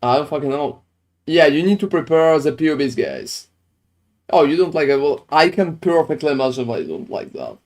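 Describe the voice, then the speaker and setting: A man's voice: on the high side, lively intonation, a little fast, a little mellow. A man streaming a game, chatting casually with viewers while reviewing their builds, with phrasing and frequent swearing. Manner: casual, swears often, non-native phrasing.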